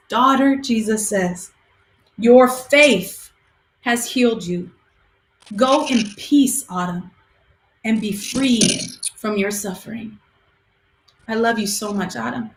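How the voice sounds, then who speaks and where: High-voiced emotional youth minister woman. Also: a bit bright, roomy sound, slight background noise. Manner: emotional, affectionate, tearful at times. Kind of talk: heartfelt blessing speech.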